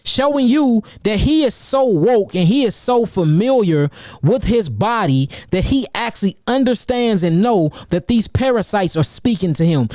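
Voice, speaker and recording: A man hosting a livestreamed Q&A about herbal healing, animated and repetitive, calling out names from the chat and hammering his points home. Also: high voice, normal speed, no room sound, clean studio sound. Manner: animated, calls out chat names and repeats himself for emphasis. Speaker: herbalist host answering viewer questions. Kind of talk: livestream Q&A, casual and preachy.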